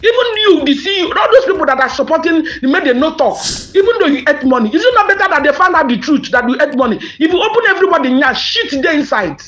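A woman's voice: high-pitched, expressive, racing, few pauses, a bit bright, highs cut off, soft background music. A woman with a Nigerian accent speaking to subscribers in an impassioned monologue, emphatic and mixing Pidgin and English, with outraged questions.

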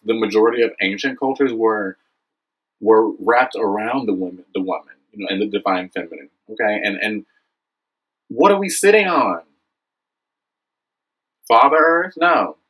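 Young man, husky voice, earnest direct-to-camera rant, preachy and animated. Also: normal speed, poor audio. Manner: earnest, preachy, frequent "okay?" and "you know what I mean?"; animated, swings high when excited. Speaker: vlogger. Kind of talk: impassioned direct-to-camera monologue.

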